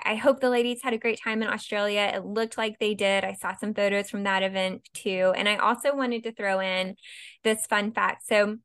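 A woman's voice: medium pitch, fairly bright tone, clear, resonant tone. A woman with an American accent co-hosting a podcast, casually sharing royal fun facts with listeners. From United States. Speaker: podcast co-host. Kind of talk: casual chat about royal news.

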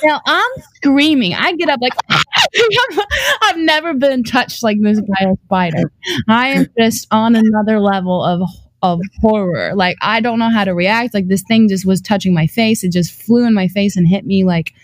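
A young adult woman telling anecdotes in a casual chat, animated and giggly, peppering her speech with "like" and the odd swear word. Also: mid-range voice, moderate pace, no echo. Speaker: guest storyteller.

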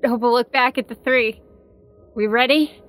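A woman's voice: on the high side, steady tone, normal speed, a bit bright. A woman playing her character in a tabletop game, speaking hesitantly. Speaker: player.

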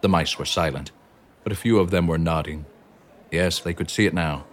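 Deep male storybook narrator, steady and expressive; faint hiss. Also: normal speed.

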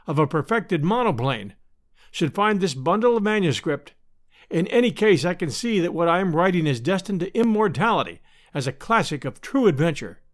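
A man narrating an adventure story as an audiobook, in an expressive storytelling manner. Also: sits high. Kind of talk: scripted narration.

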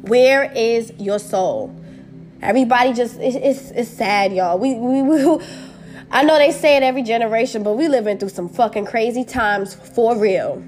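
A woman's voice: fairly high pitch, normal speed, a little mellow, soft background music. Angry, profane woman ranting. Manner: angry, blunt and profane, repeating short phrases. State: upset and hurt. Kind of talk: impassioned personal rant to camera.

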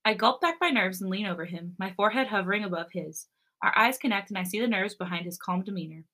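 A woman podcast co-host reading a romance fanfic aloud with an expressive voice, and chatting in an animated, giggly way. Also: medium pitch, fast talker.

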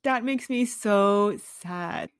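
A woman's voice: mid-range voice, no echo, clean studio sound. A young American woman co-hosting a podcast, frankly telling stories about her family. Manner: rapid storytelling, frank. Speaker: podcast co-host. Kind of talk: casual chat.

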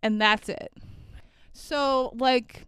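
A woman co-hosting a casual podcast, talking in an animated way, swearing freely and laughing often. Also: on the high side, drawn-out words, clear, resonant tone, dry recording. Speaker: podcast co-host. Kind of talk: casual chat about movies.

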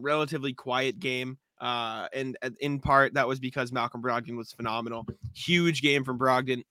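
A man co-hosting a sports podcast, with a bright, forward voice recorded close and dry. He runs through stats in casual chat, clearing his throat often and restarting his sentences. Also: mid-range voice, dry recording. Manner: rapid game recap, frequent throat clearing and stammered restarts. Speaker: podcast co-host.

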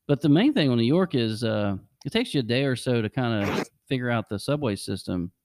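Gravelly-voiced man telling stories. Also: mid-range voice, lively intonation, fairly quick, a little mellow, no room sound, clean studio sound. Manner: rambling storyteller, chuckles often. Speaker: podcast host. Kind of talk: casual chat.

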